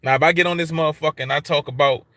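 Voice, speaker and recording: His voice a little high, steady and sharp, this YouTube livestream host races through a casual, profane rant in an African American English accent. He repeats himself for emphasis amid heavy swearing and street slang, and the recording is dry.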